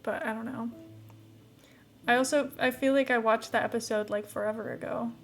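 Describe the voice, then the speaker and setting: A woman's voice: a little high, fairly even intonation, normal speed, gravelly, soft background music. A young woman streamer chatting casually while playing a game, rambling with lots of "like" fillers and light laughs.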